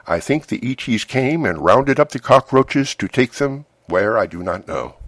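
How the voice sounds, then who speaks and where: A middle-aged man narrating a first-person memoir in a calm, wry, measured way. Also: mid-range voice, no room sound.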